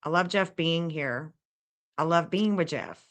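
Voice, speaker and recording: A woman's voice: sits low, unhurried. A woman receiving a reading, talking candidly and confessionally about herself in casual chat.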